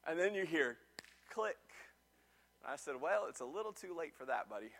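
A middle-aged man, preaching a sermon and telling a personal story, animated and full of restarts. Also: fairly high pitch, normal speed, slight background noise. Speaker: pastor.

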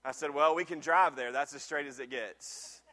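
Animated, high-voiced male pastor preaching. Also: moderate pace. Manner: animated, storytelling, frequent restarts. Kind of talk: sermon with personal story.

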